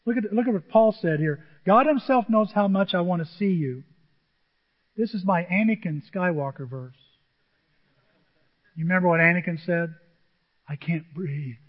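Animated high-voiced male pastor preaching. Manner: animated, joking, acts out quotes in different voices. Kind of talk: sermon. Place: church sanctuary. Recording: dull lo-fi audio in a large reverberant hall.

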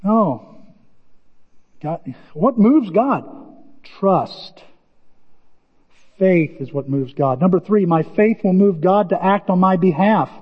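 An older man preaching a sermon as pastor, impassioned, with folksy asides and sudden shouts. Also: sits high, animated, slow pace, long pauses. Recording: dull distant sound with hall reverb.

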